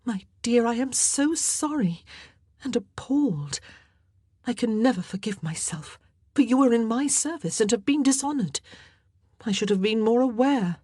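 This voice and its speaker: A woman voicing a regal young queen who speaks in a brisk, commanding but kind way in an audiobook. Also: fairly high pitch, expressive, mellow, husky, dry recording, clean studio sound, pitched above the performer's own voice.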